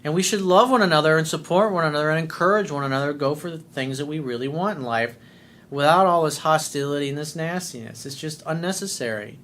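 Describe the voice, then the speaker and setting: A man's voice: on the high side, fast talker, fairly bright tone. A man coaching a viewer through a family breakup, talking bluntly and with swearing, often acting out what to say. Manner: blunt and profane, acts out dialogue. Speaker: life coach. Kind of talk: answering a viewer's letter.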